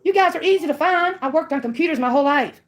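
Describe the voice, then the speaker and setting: Here a channel owner from Mississippi goes on a combative, mocking rant, calling someone out. She speaks fast in a high-pitched voice.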